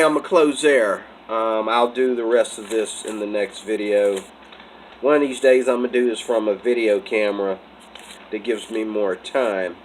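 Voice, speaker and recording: A man's voice: lowish voice, slight background noise, rough recording. A man vlogging in a casual preaching monologue, rambling, restarting phrases and breaking into laughter. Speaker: religious vlogger.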